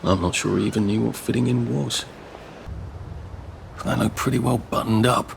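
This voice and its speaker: A nervous, proper young English gentleman, speaking with a low gravelly edge and a dry, self-mocking wit. He mutters wry asides to himself. The game audio is noisy behind him. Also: steady tone, moderate pace. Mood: musing. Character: nervous polite young English office man.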